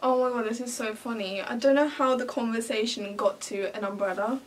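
A woman's voice: fairly high pitch, a little fast, recorded from a distance, faint music behind. Young girl vlogging, keeps cracking up laughing, huskyish voice, sounds a bit off-mic. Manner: giggly, keeps bursting into laughter. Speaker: beauty vlogger. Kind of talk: casual chat to camera.

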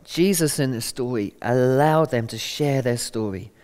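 A man's voice: medium pitch, measured pace, darkish tone, clear, resonant tone, long reverb tail. A middle-aged man giving a conversational, earnest sermon talk, acting out quotes as he goes. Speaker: Christian speaker.

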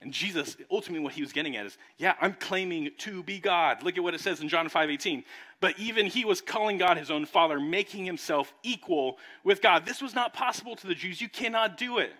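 Bright-voiced man preaching a sermon. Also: on the high side. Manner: conversational, often adds "okay?". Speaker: pastor. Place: church sanctuary.

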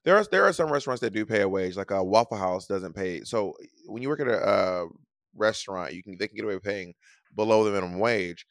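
Man, podcast co-host, rapid casual chat, lower voice, teasing, dry sound. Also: expressive, dry recording. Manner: quick, teasing, playfully argumentative.

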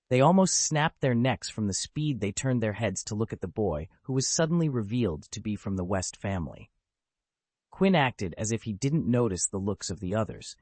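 Husky low-voiced male audiobook narrator. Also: darkish tone, no room sound. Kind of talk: scripted narration.

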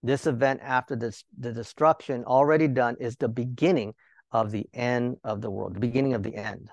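A man's voice: mid-range voice, fairly even intonation, normal speed, darkish tone, no room sound, dull audio. A male Bible teacher giving a sermon, talking to the listeners with rhetorical questions and joking asides.

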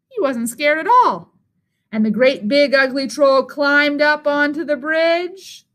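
A woman's voice: high voice, animated, unhurried, fairly bright tone. A woman reading a children's story aloud expressively and inviting the listeners to join in the sounds.

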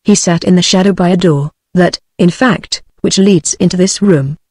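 A woman's voice: on the low side, normal speed, no echo, clean studio sound. Synthetic British woman reading a novel aloud. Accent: British English. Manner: even synthetic reading, same voice for all characters. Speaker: audiobook narrator. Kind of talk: text-to-speech book reading.

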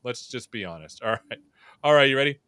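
Male livestream host, playful, joking, bright tone, dry sound. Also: medium pitch, expressive, brisk, clear, resonant tone, no room sound. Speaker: show host. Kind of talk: livestream chat and hosting.

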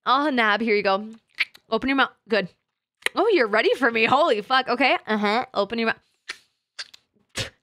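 A woman's voice: a little high, a little slow, long pauses, fairly bright tone, no echo. A woman streamer chatting casually with her live chat, crude and teasing, laughing often.

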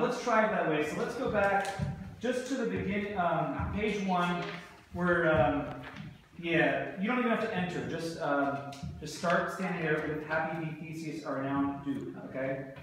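A male drama teacher coaches students through a rehearsal and keeps asking for their ideas. His voice sits a bit high for a man. The room echoes heavily, with faint noise underneath. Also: a bit bright. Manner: encouraging, asks many questions. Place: school rehearsal space.

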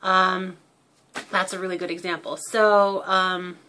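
A woman's voice: lowish voice, flat delivery, a little slow, bright, forceful tone, a little hiss or hum. A young woman who owns a parrot, talking casually and explaining bird behavior through everyday examples. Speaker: parrot owner giving behavior tips.

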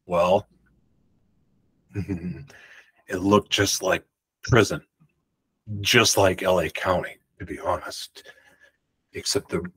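A man host telling a personal story in a rambling, animated way, often cutting himself off. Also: low voice, slow pace, long pauses, breathy edge, low-quality recording. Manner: rambling, animated, self-interrupting retelling.

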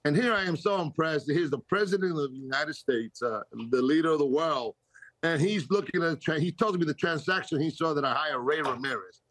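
A man's voice: a little high, fairly quick, a bit bright, dry recording. Rambling older man, dry studio sound. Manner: rambling, self-correcting, laughs easily. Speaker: guest, baseball executive. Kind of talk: casual radio interview.

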